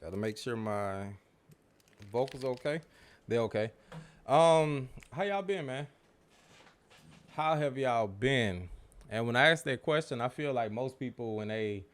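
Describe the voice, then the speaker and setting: Male podcast host, easygoing and conversational, home-recorded solo talk. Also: medium pitch. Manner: relaxed, conversational, Southern US slang. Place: home studio room. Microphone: studio microphone.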